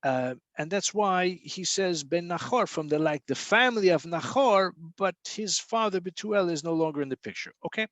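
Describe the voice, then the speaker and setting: Casual, dry-sounding rabbi explaining scripture. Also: male voice, high voice, lively intonation, fairly bright tone, dry recording. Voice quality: fills pauses with many uh and um, restarts phrases. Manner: chanting Hebrew verses slowly, then explaining in English. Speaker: rabbi teaching Torah portion. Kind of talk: informal Torah class.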